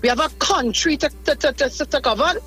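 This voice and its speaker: Older Trinidadian female caller on a car phone, high-pitched and scolding. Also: brisk, faint music behind, low-quality recording. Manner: animated, scolding. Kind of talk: call-in radio talk.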